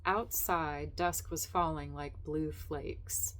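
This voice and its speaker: Slow, low-voiced woman reading aloud. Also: steady tone, fairly bright tone. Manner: rambling, unscripted asides. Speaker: book podcast host. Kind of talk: casual chat and reading a story aloud. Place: at home with her cats.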